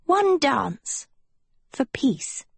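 A woman voicing a young witch girl turned withered hag, speaking in a soft, eerily sweet, pleading way. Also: high voice, sing-song, takes it slowly, no echo, voice pushed up, heavily acted.

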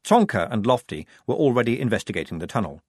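A man reading an audiobook aloud with a wry, knowing touch. His pitch moves a lot, and the sound is close and dry, with no room tone. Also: big pitch swings, fast, a little mellow, breathy edge, no echo. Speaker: narrator. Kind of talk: audiobook narration.

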